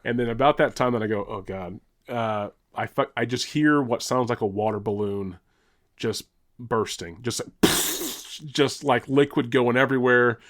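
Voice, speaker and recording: A young man co-hosting a podcast has a mid-range, fairly bright voice and talks at a normal speed. He's telling a long story in casual chat, rambling, starting over, swearing, and laughing along the way.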